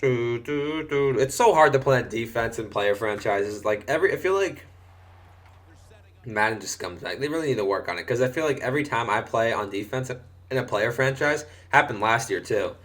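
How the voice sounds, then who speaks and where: A man's voice: mid-range voice, expressive, moderate pace, fairly bright tone. A young man doing casual, profane gameplay commentary while hiccuping, breaking into exaggerated yelps. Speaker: gaming commentator.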